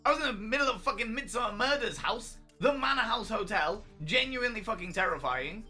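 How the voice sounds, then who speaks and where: A man hosting a casual stream, his voice very bright and a little high for a man. He tells stories in an animated way, swears freely and often breaks into laughter. Faint music plays underneath. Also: brisk. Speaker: streamer host. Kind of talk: casual livestream chat.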